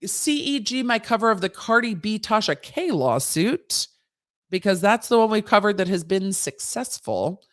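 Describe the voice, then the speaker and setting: A woman's voice: mid-range voice, animated, moderate pace. Chatty woman legal livestream host. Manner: chatty, conversational, with frequent restarts and asides; breezy and sassy, mixing slang into legal talk. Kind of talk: casual livestream Q&A, answering viewer chat.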